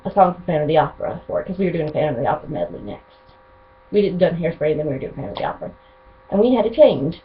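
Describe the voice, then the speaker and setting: Chatty woman, tinny lo-fi audio. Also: on the low side. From North Carolina, USA. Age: 20s. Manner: chatty, rambling, eager. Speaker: vlogger. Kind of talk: casual chat to camera.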